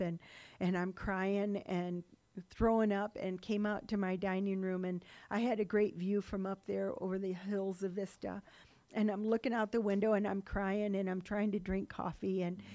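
A woman's voice: medium pitch, a little mellow. A middle-aged woman sharing her personal recovery story in a rambling, run-on way, with laughing asides. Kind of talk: personal testimony talk.

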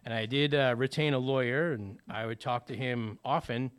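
A man's voice: medium pitch, moderate pace, a bit bright, clear, resonant tone. A man telling his personal recovery story in a conversational way, with many fillers and acted-out bits of dialogue. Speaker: speaker sharing a recovery story.

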